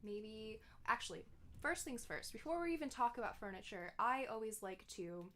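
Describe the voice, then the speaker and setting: A woman's voice: fairly high pitch, moderate pace, a bit bright. Chatty, giggly young woman streaming a game. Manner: chatty and giggly, with frequent self-corrections. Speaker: gaming streamer. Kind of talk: casual gameplay commentary.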